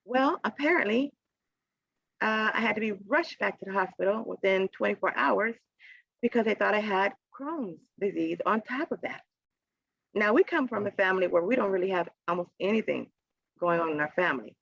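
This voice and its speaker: A woman, a podcast guest, telling a personal story in a casual interview. She acts out the voices in her story with big jumps in pitch and often laughs as she talks. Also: animated, moderate pace, creaky, fairly bright tone, husky, dry recording. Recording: dry, slightly dull podcast audio.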